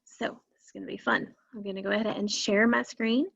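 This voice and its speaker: A woman teacher gives an online phonics lesson, speaking slowly and patiently and stretching out words for young learners. Her mid-range voice is creaky and a bit bright, with fairly even intonation. The recording is dull, lo-fi and dry.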